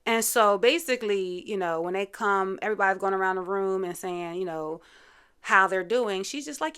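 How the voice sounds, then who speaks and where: A woman's voice: medium pitch, brisk, fairly bright tone, smooth. Chatty opinionated woman recapping reality TV. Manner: chatty, opinionated, lots of "you know" fillers. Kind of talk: casual recap commentary.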